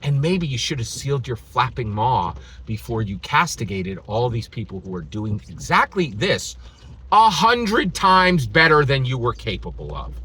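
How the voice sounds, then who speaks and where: A channel host ranting in exasperated, sarcastic commentary, laughing between lines, with a slightly husky voice. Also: male voice, medium pitch, big pitch swings, moderate pace, bright, forceful tone, slight background noise.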